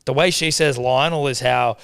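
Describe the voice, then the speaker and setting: A young Australian man co-hosting a podcast, swearing freely and jumping in loudly in casual comedic chat. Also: medium pitch, moderate pace, vocal fry, clean tone, no echo, studio quality. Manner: animated, sweary, jumps in loudly. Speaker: podcast co-host.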